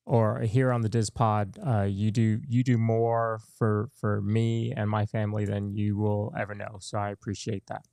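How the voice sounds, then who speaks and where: A man's voice: lowish voice, gravelly, darkish tone, clear, resonant tone, no room sound, clean studio sound. A man hosting a podcast, talking loosely with lots of fillers in casual chat. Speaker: podcast host.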